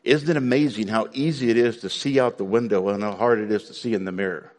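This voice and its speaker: A man preaching a sermon to his congregation in a conversational way, breaking now and then into loud outbursts. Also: lowish voice, fairly even intonation, fast, big-room sound. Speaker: pastor.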